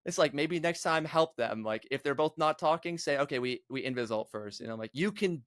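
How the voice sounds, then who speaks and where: A man's voice: on the high side, expressive, fairly quick, fairly bright tone, dry recording. Blunt young man, dry close sound. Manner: blunt, many "like" fillers. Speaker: guest, competitive gamer. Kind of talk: casual podcast chat.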